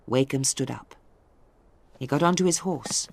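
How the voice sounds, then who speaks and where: Slow, deliberate woman narrator. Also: a bass voice, dry recording. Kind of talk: slow graded-reader audiobook narration.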